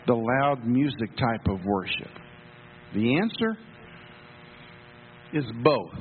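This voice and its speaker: A male pastor delivers a sermon at an unhurried pace, leaning into repeated phrases as he tells a story. The sound is narrow and phone-like, with long reverb from the church hall and a faint mains hum underneath. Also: medium pitch. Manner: storytelling preacher, emphatic, with repetitions. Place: church sanctuary.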